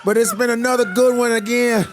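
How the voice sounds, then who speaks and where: A man's voice: very high voice, steady tone, a little fast. A man hosting a comedy show, ranting boisterously with laughs and sing-song bits. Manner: boisterous, laughing, half-singing. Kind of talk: comic rant. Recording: loud music under voice.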